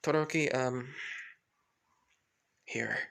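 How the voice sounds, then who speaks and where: A man voicing a kind, warm middle-aged father who speaks gently and reassuringly, a little lower than his own voice. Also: takes it slowly, vocal fry. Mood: comforting.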